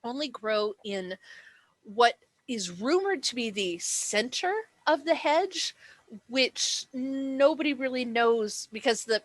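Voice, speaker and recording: A woman's voice: fairly high pitch, animated, slow, no echo. A woman acting as game master, explaining dice rules and describing the setting in a chatty way, with many fillers and self-corrections.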